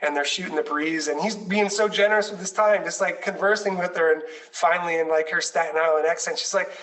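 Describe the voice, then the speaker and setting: Chatty man, slightly high voice. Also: steady tone, brisk, a bit bright, recorded from a distance, low-quality recording. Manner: enthusiastic storytelling with many fillers. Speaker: nonprofit leader. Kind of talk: conversational interview chat.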